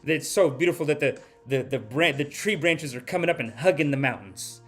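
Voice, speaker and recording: A man's voice: fairly quick, breathy edge, faint music behind. Rambling man hosting a comedy podcast. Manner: rambling, animated, mock spiritual-guru pitch. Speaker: podcast host.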